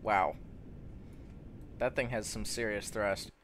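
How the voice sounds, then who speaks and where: A man's voice: lowish voice, takes it slowly, a bit bright, a little hiss or hum. A young man casually commenting on his own gameplay, rambling and stumbling over words, easily amazed.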